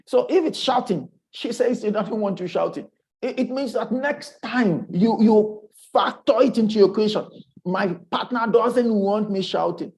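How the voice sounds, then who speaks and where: Nigerian english guy teaching a marriage class, emphatic, kinda high gravelly voice, repeats himself a lot. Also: low-quality recording. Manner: animated, repeats words, emphatic rises.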